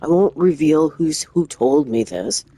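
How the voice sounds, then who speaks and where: A gaming streamer spinning a casual, meandering story for an audience. The delivery is animated and full of false starts and self-corrections, drifting from one aside to the next. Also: mid-range voice, unhurried, rough recording. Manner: rambling, animated anecdote with many restarts.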